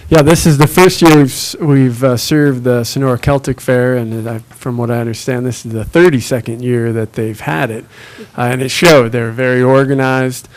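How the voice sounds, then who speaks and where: A man on transit staff giving a halting report at a public meeting, with many filler sounds. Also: medium pitch, fairly even intonation.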